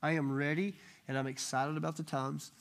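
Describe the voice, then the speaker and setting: Gravelly guy teaching bible study, tells stories, does the voices, kinda high. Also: a little fast. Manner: animated storyteller, acts out quoted voices. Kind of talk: casual church teaching with storytelling. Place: room with a live group.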